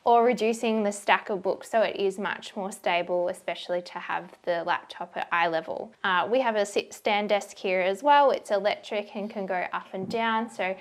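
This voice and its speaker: A woman's voice: medium pitch, moderate pace, hardly any pauses. A young woman presenting a workplace safety video in a friendly, chatty instructional way. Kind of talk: casual instructional talk.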